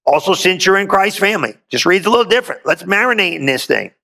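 Gravelly, bright-voiced exuberant preacher man. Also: sits high, big pitch swings, fast talker. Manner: exuberant preaching, reading scripture aloud with call-and-response asides. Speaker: pastor. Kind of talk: sermon.

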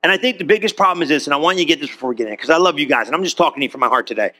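Speaking rapid-fire in a slightly high voice, a middle-aged man preaches a sermon as pastor. His delivery is chatty and lively, and he performs quotations in small character voices.

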